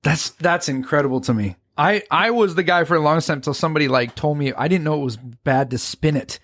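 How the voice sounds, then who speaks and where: A man's voice: on the high side, fairly quick, a bit bright, dry recording. A man hosting a podcast, chatting casually, laughing often and stumbling over repeated words. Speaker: podcast host, magician.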